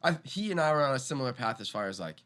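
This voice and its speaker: A young man speaks as a podcast guest in a mid-pitched voice, loose and casual. He tells his story with a lot of energy and jumps up loud whenever he acts out what other people said. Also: rapid-fire. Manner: animated, acts out quoted lines loudly.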